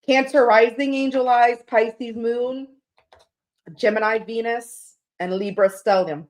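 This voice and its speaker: A woman's voice: fairly high pitch, fairly even intonation, takes it slowly. A woman hosting a tarot livestream, chatting casually with viewers in a rambling, candid way, swearing now and then.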